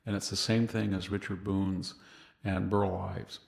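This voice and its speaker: A man from California, speaking as a guest historian in a relaxed interview, winding through long anecdotes and chuckling at his own jokes. His voice sits low and carries a rough, gravelly edge. The recording has a roomy, echoey sound. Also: measured pace. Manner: rambling anecdotal storyteller, laughs at his own stories. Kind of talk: casual interview conversation.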